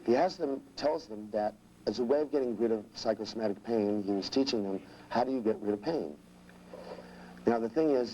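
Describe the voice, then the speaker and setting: A man's voice: lowish voice, warm tone, slight background noise, poor audio. A man teaching a live seminar, rambling and restarting sentences, with irreverent jokes and asides. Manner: acts out voices in quotes. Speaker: seminar trainer.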